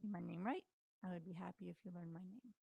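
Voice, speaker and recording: A woman's voice: fairly low pitch, quick pace, vocal fry, mellow, slightly rough, dry recording. A tired woman teacher giving a casual recorded lesson, talking informally with lots of fillers. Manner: chatty, informal, many fillers.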